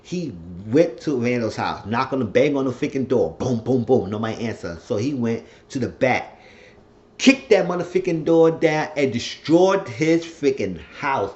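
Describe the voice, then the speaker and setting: A man casually recapping a TV episode, retelling the scenes as quoted dialogue with profane, excitable asides. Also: mid-range voice, normal speed. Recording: dull lo-fi recording.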